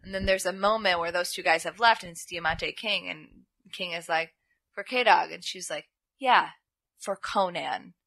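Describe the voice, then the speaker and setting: A woman's voice: fairly low pitch, normal speed, no echo. A young woman co-hosting a podcast, chatting casually and retelling scenes with playful acted-out quotes. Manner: animated storytelling, acts out quotes in playful voices. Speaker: podcast co-host. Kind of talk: casual chat recapping wrestling.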